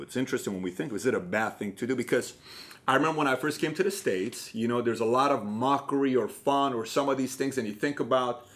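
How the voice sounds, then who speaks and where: A man's voice: medium pitch, a bit bright. A man from Iran with an Iranian accent, hosting a motivational talk and telling stories directly to the viewer with pointed questions. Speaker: host.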